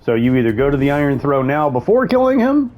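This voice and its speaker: A man's voice: fairly high pitch, sing-song, quick pace, dull audio. A man giving casual let's-play commentary, rambling and thinking aloud as he plays, correcting himself as he goes. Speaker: gameplay commentator.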